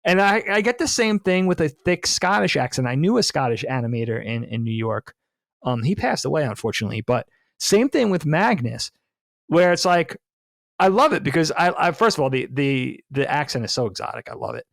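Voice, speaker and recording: A man's voice: a little high, sing-song, fairly quick, gravelly, dry recording, clean studio sound. A man co-hosting a podcast, talking about films in a casual, enthusiastic way and laughing often. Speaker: podcast co-host. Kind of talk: casual podcast film discussion.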